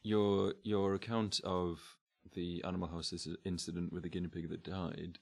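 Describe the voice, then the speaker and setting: A man co-hosting a podcast, telling stories in a quiet, hesitant, low-key way. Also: flat delivery, moderate pace, creaky. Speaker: podcast co-host. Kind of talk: casual chat.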